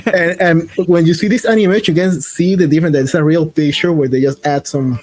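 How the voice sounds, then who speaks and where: A man with a Spanish accent hosting an interview, speaking haltingly and searching for English words. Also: a little high, fairly even intonation, a little mellow. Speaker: podcast host. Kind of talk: casual interview chat.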